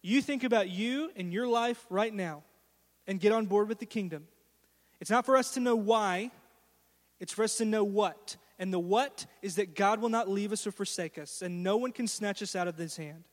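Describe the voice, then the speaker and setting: A man's voice: high voice, moderate pace. A man in his thirties preaching a sermon, telling stories earnestly and with emphasis. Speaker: pastor. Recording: long hall reverb.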